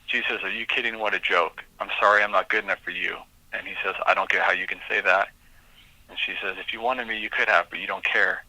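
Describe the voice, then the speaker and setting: A man's voice: deep voice, steady tone, quick pace, bright, forceful tone, no room sound, low-quality recording. A man, a police lieutenant, being interviewed and reading messages aloud, emotional and hesitant.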